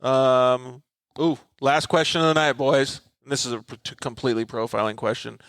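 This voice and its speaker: Playful man asking quick-fire questions. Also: mid-range voice, fairly even intonation, a bit bright, smooth, no echo. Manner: playful, teasing, quick reactions. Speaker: podcast host. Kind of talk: casual rapid-fire interview questions.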